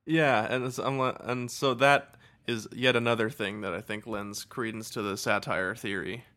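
A man's voice: medium pitch, steady tone, moderate pace, pushed and bright. A man co-hosting a podcast in casual chat, joking and sarcastic, saying "like" often. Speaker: podcast co-host.

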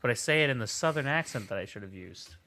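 Rambling, laughing tabletop player with a lively voice. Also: male voice, mid-range voice, fast talker, slight background noise. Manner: rambling, self-mocking, laughs often. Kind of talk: tabletop role-play chat.

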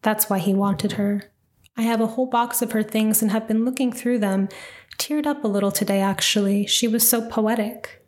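A woman voicing a calm, mysterious wanderer. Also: a little high, moderate pace, natural voice. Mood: grim.

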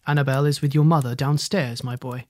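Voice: mid-range voice, steady tone, quick pace, darkish tone, no room sound, lightly acted. A reader voicing a stern father who speaks curtly and firmly. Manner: curt and firm.

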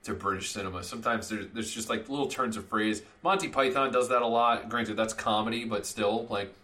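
A man's voice: on the low side, fairly quick, sharp tone. A man co-hosting a film review podcast in casual chat, thinking aloud with restarts. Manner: hesitant, lots of restarts. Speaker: podcast host.

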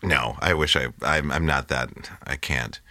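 A man chatting as a guest on a podcast, animated, often slipping into playful voices. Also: a bass voice, measured pace, dry recording. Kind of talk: casual chat.

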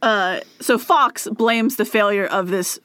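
A woman co-hosting a casual podcast, retelling a history story in an animated way, with lots of "like" and frequent laughter. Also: mid-range voice, slow, no echo. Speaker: podcast co-host recounting history. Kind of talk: casual chat.

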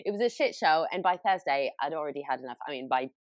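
A woman's voice: deep voice, expressive, fast talker, no echo. Laughing British woman telling a story. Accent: British English. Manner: chatty storytelling, often laughing. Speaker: podcast host. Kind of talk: casual chat.

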